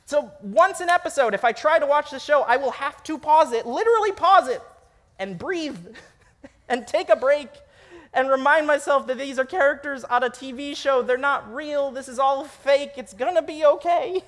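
A young man delivering a sermon in a high, light voice. He tells stories with animated energy and pokes fun at himself along the way. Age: young adult. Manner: animated storytelling, laughs at himself. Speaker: preacher.

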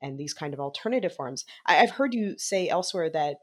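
A woman hosting a podcast, asking prepared interview questions in a measured way and reading quotes aloud carefully. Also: low voice, lively intonation. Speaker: podcast host.

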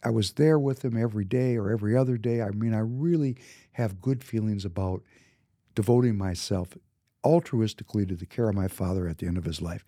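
A man's voice: on the low side, fairly quick, mellow, dry recording, studio quality. A man in his fifties from Minnesota tells personal stories in a casual monologue, emphatic and often repeating words for emphasis. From Minnesota, United States. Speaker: businessman.

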